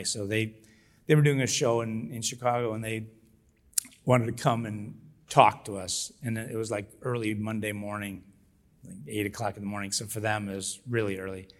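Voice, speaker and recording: A middle-aged man, a business founder, telling his story as an interview guest with lively energy, laughing often and acting out what people said. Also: lowish voice. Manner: animated, laughs often, acts out quotes.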